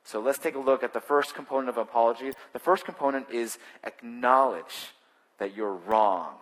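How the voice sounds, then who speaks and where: A male pastor preaching a sermon in a conversational, animated way with touches of self-deprecating humor, speaking into a stage microphone in a church. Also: mid-range voice, moderate pace. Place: church sanctuary. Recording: long hall reverb.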